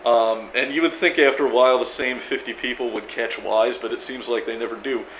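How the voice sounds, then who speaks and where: A man's voice: medium pitch, steady tone, a little fast, fairly bright tone, lo-fi sound, slight background noise. A man from New Orleans with a local accent, recording an emphatic, stammering video reply and swearing casually. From New Orleans area. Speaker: video blogger.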